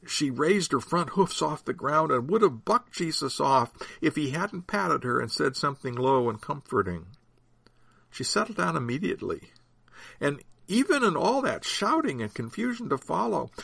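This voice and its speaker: A man, a pastor, who prays and then reads a Bible-based short story aloud as an expressive storyteller. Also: on the high side, creaky, slightly rough, no echo. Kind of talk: scripted story narration.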